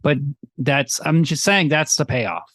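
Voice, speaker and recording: A man in his thirties co-hosting a casual film-review podcast, rambling through a plot recap and slipping into quick mocking character voices. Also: a little high, very animated, a bit bright, no echo. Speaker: podcast co-host.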